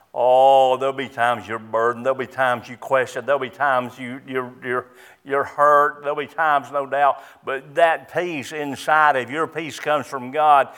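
A man's voice: medium pitch, a bit bright. A middle-aged man preaching a sermon as pastor, emphatic and repetitive, stressing key words.

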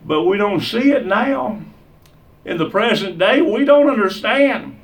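A man preaches a sermon in a high, unhurried voice, building emphasis through repeated phrases. He sounds a little distant from the microphone. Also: animated. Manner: emphatic, repetitive preaching cadence.

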